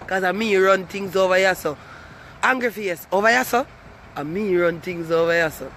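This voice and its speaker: A man's voice: high-pitched, normal speed, pushed and bright. A man with a Jamaican accent doing a brash, swaggering, crude comic rant to his viewers. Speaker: comic vlogger. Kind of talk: boastful comic rant to camera.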